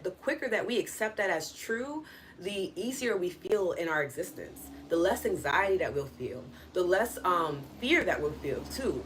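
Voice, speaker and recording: A woman's voice: medium pitch, a little hiss or hum. A young woman hosting a wellness live stream, talking in an earnest, reflective way with lots of "like" and acted-out inner voices. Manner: acts out inner voices in quoted asides. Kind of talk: casual live-stream talk.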